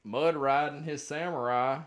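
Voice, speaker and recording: A man with a slightly raised pitch speaks in relaxed podcast banter. He chimes in briefly and casually while his friend tells a story. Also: measured pace. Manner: brief reactions and laughter, laid-back. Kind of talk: casual chat.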